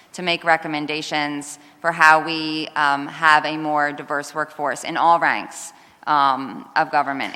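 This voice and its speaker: A woman official answers questions at a council hearing in a low, bright voice. She is measured and hesitant, with frequent ums. The sound carries a long reverb from a council chamber. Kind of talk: formal testimony answering questions.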